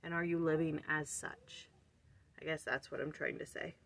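Woman doing her morning scripture study, lots of vocal fry, thinks out loud, sighs and restarts. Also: deep voice, flat delivery, normal speed, a little hiss or hum. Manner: thinks aloud, searching for words with sighs and restarts; earnest, urging questions to the listener. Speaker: host of a daily scripture study channel. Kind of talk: casual scripture study and reflection.

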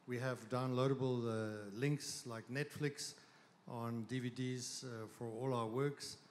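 A man speaking on stage at a conference, easygoing and joking, pausing with fillers before introducing his wife. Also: mid-range voice, fairly even intonation. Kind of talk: stage talk with joke and announcements. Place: large conference hall with audience. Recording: long hall reverb, faint crowd noise.

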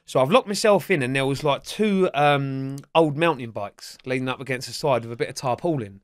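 A man's voice: mid-range voice, brisk, no room sound. A man telling wild stories as an interview guest, swearing freely and acting out the voices of other people. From England. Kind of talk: storytelling in a podcast interview.

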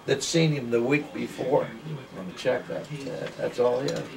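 A man's voice: mid-range voice, fairly even intonation, normal speed, vocal fry, a crowd in the background. An older man telling folksy, rambling stories at a lunch table, acting out the voices of the people in them. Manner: folksy rambling anecdotes, acts out quoted voices. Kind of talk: casual storytelling at a lunch table. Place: home dining table during a meal. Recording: distant mic at a noisy table. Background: cutlery and dishes clinking, other people around.

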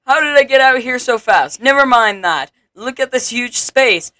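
A man voicing an eager town advisor in a game, reading the lines in a loud, theatrical, jolly tone. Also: very high-pitched, expressive, moderate pace, no room sound, pitched above the performer's own voice, exaggerated voice. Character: eager male town advisor greeting a new mayor.

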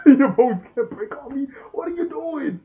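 A frantic coach yells and begs at a high pitch, as a man puts him on. His voice rises well above the speaker's normal tone. The sound is thin and tinny, like a phone line. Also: lively intonation, a little slow. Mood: frantic pleading. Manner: yelling, high-pitched and pleading. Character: frantic pleading male sports coach.

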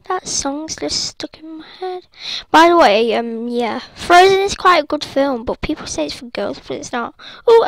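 High-voiced giggly woman rambling over gameplay. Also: creaky, dry recording. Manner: giggly and scatterbrained, breaks into silly singing and squeals. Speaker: gaming video host.

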